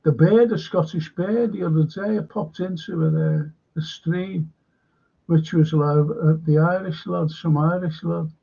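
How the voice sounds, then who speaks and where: A man hosts a fan stream, drifting slowly through viewer comments and muttered asides. His voice is gravelly and husky, sitting a little high for a man. The audio is dull and lo-fi. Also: fairly even intonation, dark tone. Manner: rambling, slow, mutters asides. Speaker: host. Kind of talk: live stream chat reading viewer comments.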